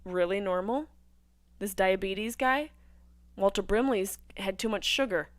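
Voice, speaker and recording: A woman hosting a live movie watch-along, riffing with crude jokes and swinging between loud outbursts and hushed asides. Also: mid-range voice, a little slow, no room sound. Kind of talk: casual riffing commentary over a film.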